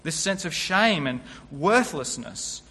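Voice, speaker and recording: Preacher, male, high bright voice, earnest and emphatic delivery, big hall reverb. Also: very animated, takes it slowly, breathy edge. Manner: earnest, emphatic, teaching through scripture verse by verse. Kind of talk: sermon. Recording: long reverb of a large hall.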